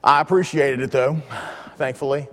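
A man teaching a Bible lesson in a relaxed, joking way, leaning hard on key words. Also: mid-range voice, normal speed, long reverb tail.

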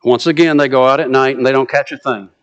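A man's voice: mid-range voice, steady tone, fast talker, dull audio. A man preaching a sermon, retelling a story with drama and vivid asides.

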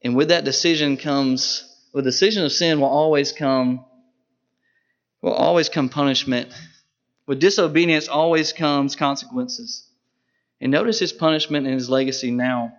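A man preaching a sermon, emphatic, with sharp rises and drops in his voice for stress. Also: a little high. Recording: dull lo-fi recording.

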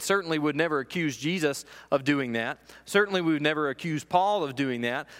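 An earnest man preaching a sermon in a church hall. His voice sits at a middling pitch and carries a long, lingering reverb. He slows and softens for quiet stretches, then builds to emphatic peaks. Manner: earnest, with quiet, slow passages and rising emphatic ones.

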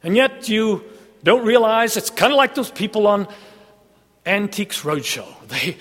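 A man delivers a sermon to his congregation in a folksy, conversational manner, joking and asking them questions as he goes. His voice sits a little high for a man. The sound carries a long echo, as in a large church hall. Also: expressive, a little slow, fairly bright tone. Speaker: preacher.

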